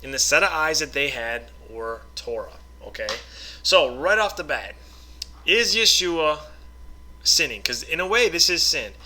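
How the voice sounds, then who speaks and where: A man with a fairly high voice and a piercing, very bright tone teaches scripture casually. He reads passages aloud, then talks them through in a loose, conversational way, often pausing to ask "okay?" or "right?". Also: big pitch swings, a little hiss or hum. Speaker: online Bible teacher.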